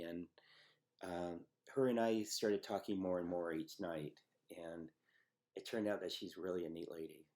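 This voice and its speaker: A middle-aged man telling a personal memory in a halting, reflective way, with many pauses and fillers. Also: low voice, a little mellow. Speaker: storyteller recounting a personal memory. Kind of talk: personal testimony.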